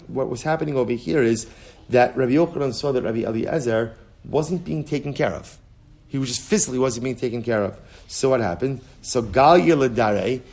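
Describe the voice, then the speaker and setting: A rabbi teaching a daily Talmud lesson, reading Aramaic lines and translating them, repeating key phrases and building intensity to make a point. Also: male voice, mid-range voice, a little mellow. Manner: rises in intensity when driving home a point. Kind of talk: Talmud lesson, explaining text aloud.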